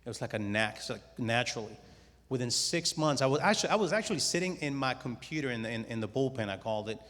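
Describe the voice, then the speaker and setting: A middle-aged man giving a testimony talk to a conference audience, telling his story in a lively way and acting out his own quoted words. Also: medium pitch, quick pace. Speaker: conference speaker. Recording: long hall reverb.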